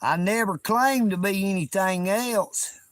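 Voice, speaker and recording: A man's voice: high-pitched, measured pace, fairly bright tone, no room sound. A man from Georgia with a Southern accent, live-streaming outdoors at a lakeside park and chatting in a folksy, boastful way, teasing his viewers. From Georgia, United States. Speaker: livestream host. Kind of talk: casual outdoor livestream chat.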